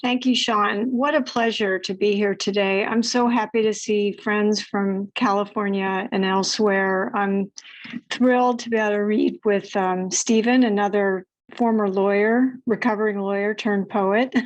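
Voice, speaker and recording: A woman poet on a video call, introducing her poems in a relaxed, unhurried way with frequent fillers. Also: medium pitch, poor audio. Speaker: poet giving a reading.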